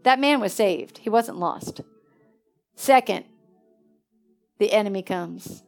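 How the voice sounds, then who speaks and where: A woman preaching in a lively storytelling way, jumping from excited bursts to hushed, quiet asides. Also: medium pitch, slow pace, creaky, faint music behind. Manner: animated, swings between excited exclamations and hushed asides. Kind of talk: storytelling sermon.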